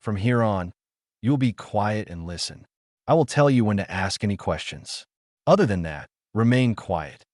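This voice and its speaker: A man's voice: fairly low pitch, animated, moderate pace, a little mellow, no room sound, studio quality, lightly acted. A man voicing a proud, menacing female demon fox spirit who commands and threatens. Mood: stern.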